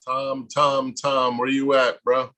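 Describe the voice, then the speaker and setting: Sex: man. Role: podcast host. Tone: bright, forceful. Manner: blunt, swearing interjections. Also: medium pitch, completely flat delivery, slow. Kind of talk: casual chat.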